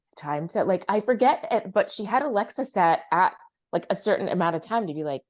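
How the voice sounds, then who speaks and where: A woman's voice: medium pitch, expressive, a little fast. A woman co-hosting a podcast, telling wry stories in casual chat. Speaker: podcast co-host.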